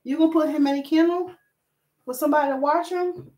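Working on hair during a live stream, a woman speaks quickly in a high voice, chatting casually. She reads viewers' comments out loud and jokes around with them in an animated way.

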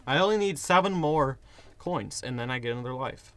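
Hoarse young man yelling at a game. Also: a little high, expressive, normal speed, no echo, soft background music. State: hoarse, voice worn out. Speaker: gaming video creator. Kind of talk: casual gameplay commentary.

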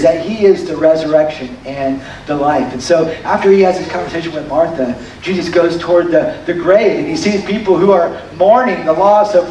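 A man's voice: fairly high pitch, moderate pace, a little hiss or hum. Male pastor preaching in a very echoey hall. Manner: animated storytelling, conversational, emphatic. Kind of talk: sermon. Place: church sanctuary. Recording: very echoey hall, distant mic.

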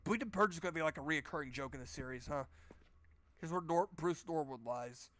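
A man's voice: on the high side, brisk, fairly bright tone. Sarcastic, cursing gaming man. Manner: sarcastic, profane. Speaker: game streamer. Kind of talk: let's play commentary.

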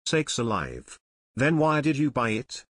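A tall, peppery older aunt , read by a man narrating a storybook, fires off brisk, sharp questions. The voice sits in a middling register, heard close and dry with no room around it. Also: medium pitch, sing-song, no room sound. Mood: incredulous. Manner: brisk, sharp cross-examining.

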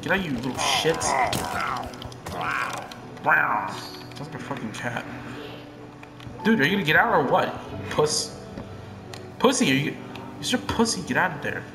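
A young man giving casual gameplay commentary, excitable and profane, swinging between hushed muttering and loud yelling. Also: on the high side, normal speed, long pauses, reverberant, music in the background. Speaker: gamer.

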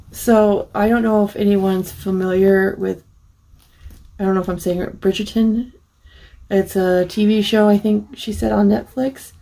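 A woman's voice: mid-range voice, creaky, dark tone, low-quality recording. A woman hosting a crafting channel, casually showing a handmade journal and gushing over it with many fillers. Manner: gushing, admiring, full of fillers. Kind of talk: casual unboxing look-through.

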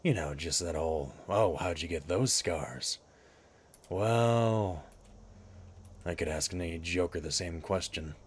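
A man doing a gruff, very deep lizard-man adventurer. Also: slow, a little hiss or hum. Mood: wry. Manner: dry sarcastic asides. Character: gruff male lizard-folk adventurer, wry and joking. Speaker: streamer. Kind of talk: in-character game commentary.

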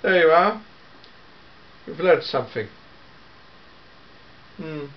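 A man's voice: fairly high pitch, animated, slow pace, muffled recording, a little hiss or hum. A man doing a fussy old time-traveller. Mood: fussy, chatty. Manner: fussy, hesitant, peppered with hmms and eh?s. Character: elderly fussy time-travelling gentleman, tetchy and grandfatherly. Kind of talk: fan audio drama monologue.

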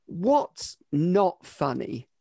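A man hosting a podcast, with a high and very lively voice that swings around as he fires off brisk, quick-fire questions. The sound is dry and close. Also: gravelly, no echo. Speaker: podcast host. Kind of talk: interview questions.

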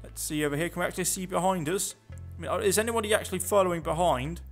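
A man's voice: high-pitched, very fast, faint music behind. A man giving casual, sarcastic commentary while playing a video game, talking to himself. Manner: chatty, sarcastic, muttering to himself. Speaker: gameplay commentator. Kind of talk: casual let's play commentary.

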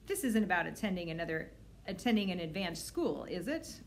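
A woman's voice: on the low side, lively intonation, fairly quick, slight background noise. A woman voicing a fussy, pompous, thin male orphanage director, reading him aloud from a storybook.

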